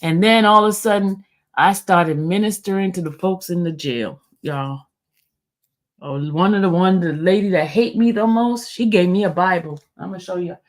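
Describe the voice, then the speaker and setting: A woman YouTube host with a fairly low voice tells her viewers a personal story at a moderate pace. Her delivery is chatty and rambling, full of fillers and restarts.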